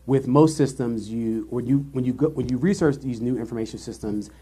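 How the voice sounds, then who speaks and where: Animated, sassy man telling stories. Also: mid-range voice, a little fast, slight background noise. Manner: animated storyteller, sassy asides. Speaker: podcast co-host. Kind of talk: casual chat.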